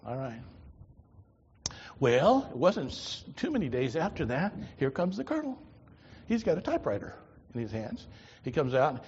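Male preacher, folksy storyteller, husky, lively intonation, lo-fi hall recording. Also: medium pitch. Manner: folksy, animated storytelling with quoted dialogue. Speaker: preacher giving testimony. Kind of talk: sermon storytelling. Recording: lo-fi reverberant hall.

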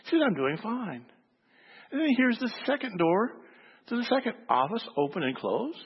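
A man's voice: very high voice, sing-song, fairly quick, slightly rough, in a large hall, highs cut off. A man preaching a sermon, telling a story and acting out its voices before making his point. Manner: storytelling, acts out voices in the anecdote. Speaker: pastor.

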